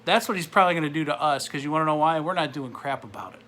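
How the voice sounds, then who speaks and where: A man's voice: a little high, very fast, few pauses, fairly bright tone, slight background noise. A man in his forties ranting to camera in a blunt, sarcastic way. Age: 40s. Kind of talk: political rant to camera.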